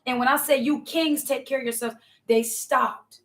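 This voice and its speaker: A woman's voice: high voice, fairly even intonation, normal speed, a bit bright. A woman giving a fervent testimony sermon, preaching to her listeners and often calling them y'all.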